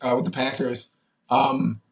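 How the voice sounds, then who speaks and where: A former pro football player in his fifties tells lively anecdotes in a casual interview, with plenty of fillers and restarts. His voice is medium-pitched and his pace measured.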